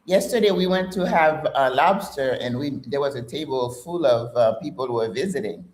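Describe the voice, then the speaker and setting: A woman's voice: very deep voice, animated, moderate pace. Chatty older woman, roomy sound. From Caribbean. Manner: warm, chatty, encouraging. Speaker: fitness instructor and channel host. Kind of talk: live workout class and chat. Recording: roomy echo.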